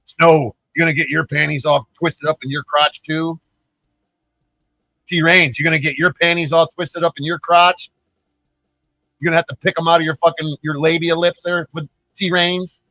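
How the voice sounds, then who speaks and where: Profane ranting man, higher voice. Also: pushed and bright, no room sound, poor audio. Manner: profane, taunting and mocking. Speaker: YouTuber. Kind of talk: angry ranting vlog.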